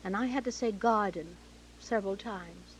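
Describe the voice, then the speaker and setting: Canadian-born woman, lively storyteller. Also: medium pitch, moderate pace, slight background noise, low-quality recording. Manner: lively storyteller acting out quoted dialogue. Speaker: interviewee recalling her career. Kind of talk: anecdotal storytelling.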